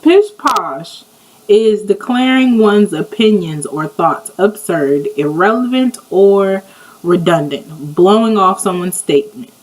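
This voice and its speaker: A woman's voice: mid-range voice, expressive, slow pace, darkish tone, rough recording. A woman co-hosting a podcast in casual chat, explaining words and laughing easily. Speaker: podcast co-host.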